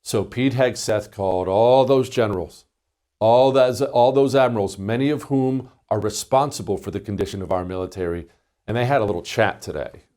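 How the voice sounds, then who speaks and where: A middle-aged man hosts a political talk show in a somewhat low voice. He delivers an emphatic, indignant commentary monologue and leans hard on key words. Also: moderate pace, mellow. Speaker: radio show host.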